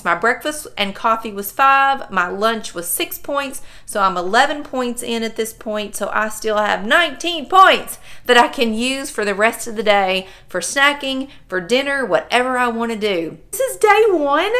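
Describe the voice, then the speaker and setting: A woman, chatting casually to camera in a lively, folksy way. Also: a little high, moderate pace, few pauses. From Southern United States. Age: 50s. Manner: chatty and animated, laughs often, folksy phrasing. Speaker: vlogger.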